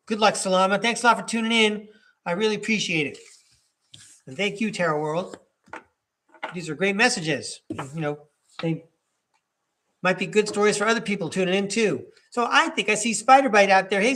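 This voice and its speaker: A man with a rather high voice hosts a live tarot stream in an easygoing, chatty way. He slows down to read card keywords aloud one at a time and talks to viewers in the chat. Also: sharp tone. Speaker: tarot reader and livestream host.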